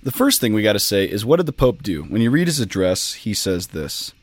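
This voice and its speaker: A priest with a fairly low voice talks through church matters on a podcast. He is chatty and explains things with jokes and asides. The sound is dry and close. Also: very animated, fairly quick, no echo. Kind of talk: casual podcast chat.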